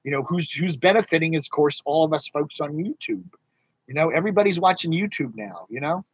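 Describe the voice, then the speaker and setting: A man with a slightly raised, husky voice rambles through a relaxed live chat with his viewers, chuckling between thoughts. The sound is dry and close, with no room echo. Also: on the high side, a little fast. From mid-Atlantic United States. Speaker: live stream host. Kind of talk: casual live chat reading viewer comments. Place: home studio in Northern Virginia.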